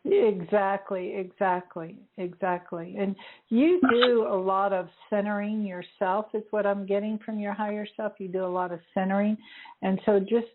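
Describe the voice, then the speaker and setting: A woman's voice: mid-range voice, moderate pace, a little hiss or hum. A woman working as a spirit medium, passing on messages to callers in a hesitant, searching way, with many fillers. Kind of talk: relaying messages on a call-in radio show. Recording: narrow phone-line sound.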